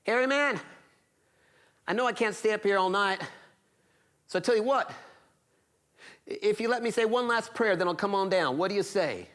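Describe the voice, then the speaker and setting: A man's voice: high-pitched, animated, normal speed, pauses often, a bit bright. A male storyteller voicing a cheeky, playful trickster boy in a folktale.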